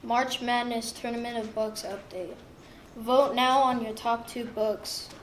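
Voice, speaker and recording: Higher-voiced student anchor in an echoey room. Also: female voice, steady tone, unhurried, slight background noise. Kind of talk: school news broadcast.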